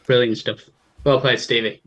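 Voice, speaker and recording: A man's voice: mid-range voice, steady tone, moderate pace, fairly bright tone. Good-natured male contestant, muffled lo-fi call audio. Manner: good-natured, generous with praise. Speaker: quiz contestant. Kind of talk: casual chat on a call. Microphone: video call.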